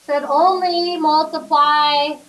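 A high-pitched woman teaches a classroom math lesson, quizzing her students and guiding them through each step. Her voice is picked up from a distance in the classroom. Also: fairly even intonation, takes it slowly, reverberant. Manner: questioning, coaxing students step by step. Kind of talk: classroom lecture.

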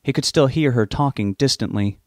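A man narrating a novel in a steady, measured reading voice. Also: mid-range voice, dry recording, clean studio sound. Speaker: audiobook narrator.

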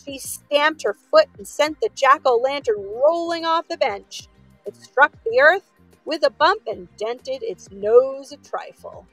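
A woman reading a children's story aloud in an expressive way, with asides to her listeners. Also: high-pitched, unhurried, no echo, faint music behind, rough recording.

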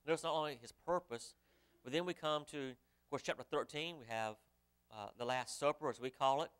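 A man's voice: medium pitch, fairly quick, fairly bright tone, clean tone. A male pastor preaching a sermon, reading scripture aloud and putting rhetorical questions to his congregation. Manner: reads scripture aloud in old-fashioned wording.

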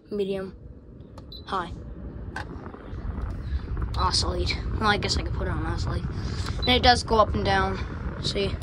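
A woman casually narrating a home vlog while fumbling with gear and cursing often, recorded on a phone. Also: mid-range voice. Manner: rambling, swears a lot, fumbles with gear. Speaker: fan collector vlogger. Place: home room. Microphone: phone camera. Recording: phone video with loud fan noise behind.

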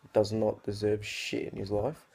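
A man's voice: fairly low pitch, monotone, moderate pace, vocal fry, a little mellow, breathy edge. A teenage man, ranting casually to camera in a sweary, rambling way. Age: teens. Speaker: vlogger.

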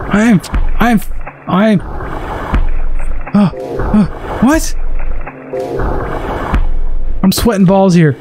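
A man's voice: sits high, takes it slowly, long pauses. A man commentating a horror game playthrough, frightened, exclaiming and swearing as he narrates each move. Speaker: gaming channel host. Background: game music.

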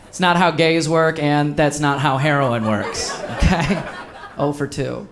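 A man from Wisconsin doing a stand-up set on stage, casual and profane with quick asides. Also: a little high, steady tone, background noise. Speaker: stand-up comedian. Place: comedy stage.

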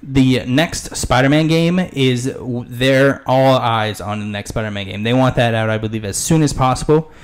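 A man's voice: mid-range voice, moderate pace, hardly any pauses. A man hosting a casual gaming podcast, rambling, chuckling and trailing off mid-word, sometimes reading news aloud. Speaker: podcast host.

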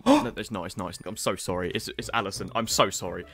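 A man joining a gaming video as a guest, chatting casually and excitedly with lots of laughter. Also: low-pitched, quick pace, creaky, loud music behind the voice. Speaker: guest gamer.

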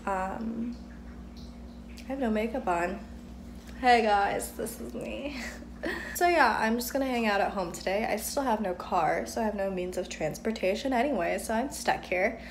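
Young woman vlogger, casual, candid, filler-heavy; mid pitch; noisy outdoor camera audio with traffic behind. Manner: chatty, candid, frequent ums and likes. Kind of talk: casual vlog talk to camera. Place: outdoors and at home in Florida, handheld camera. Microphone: built-in camera mic.

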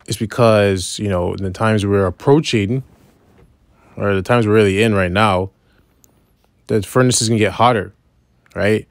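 A man giving an informal scripture lesson, reading verses slowly and then explaining them in casual talk, checking in with "right?" after nearly every point. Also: on the low side, no echo, clean studio sound. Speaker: bible teacher.

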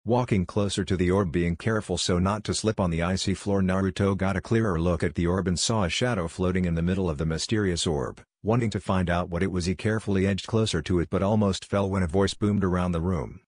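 A man narrating a fan fiction story in a flat, even reading. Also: sits low, fast talker, hardly any pauses, dry recording, clean studio sound.

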